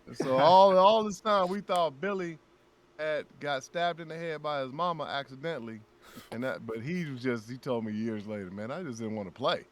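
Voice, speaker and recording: A man guesting on a casual podcast, telling lively stories and acting out what his friends said. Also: on the high side, normal speed, slight background noise. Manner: animated storyteller who acts out friends' lines. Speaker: guest voice actor.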